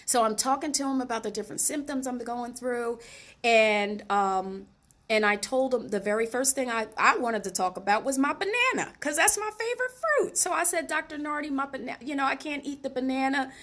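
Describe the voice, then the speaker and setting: A woman hosting her own show, telling a personal story in a casual, animated way and addressing her viewers directly. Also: sits high, brisk. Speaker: host.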